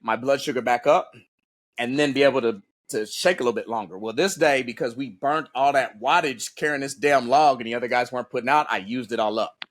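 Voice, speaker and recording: A man, a former Navy SEAL guest on a podcast, telling stories in a casual, animated and profane way. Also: medium pitch, brisk. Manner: animated, profane, acts out voices in his stories. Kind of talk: casual storytelling in an interview.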